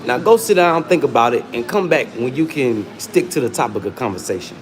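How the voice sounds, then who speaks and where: A man's voice: medium pitch, expressive, fairly quick. A man with hosting a livestream, taunting and arguing with users in his chat in a casual, combative way. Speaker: livestream host.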